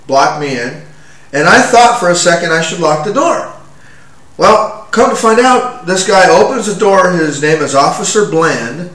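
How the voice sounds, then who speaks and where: A man in his forties telling his own story in an agitated, halting way, with many restarts and fillers. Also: fairly high pitch, fairly bright tone, reverberant, distant mic, poor audio. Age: 40s. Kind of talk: rambling first-person account.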